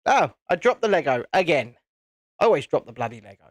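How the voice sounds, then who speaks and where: Lively chatty man. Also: a little high, fairly quick, dry recording. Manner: chatty, laughs often, mild swearing, restarts. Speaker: host. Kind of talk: casual live-stream chat while building.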